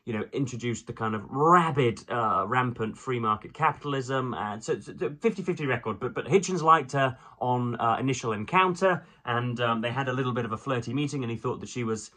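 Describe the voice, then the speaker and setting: A man giving a casual spoken book review, wordy and ornate, often pausing and restarting mid-phrase. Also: medium pitch, expressive, sharp tone.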